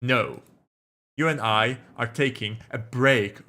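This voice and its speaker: A man plays a crude, jealous lover who loses his temper and curses, snapping every line in a scolding way. The voice sits at a middle pitch with a bright, forceful edge. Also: takes it slowly. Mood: angry, scolding. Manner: angry, cursing, snapping.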